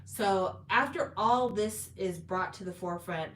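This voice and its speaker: A woman chats through a story recap, stumbling into restarts and fillers as she goes. Her voice sits at a middle pitch. She sounds a little far from the mic in a roomy space with a faint hiss of noise behind her. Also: a little slow. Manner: chatty, retelling with fillers and restarts. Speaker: drama recap host. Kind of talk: casual plot recap.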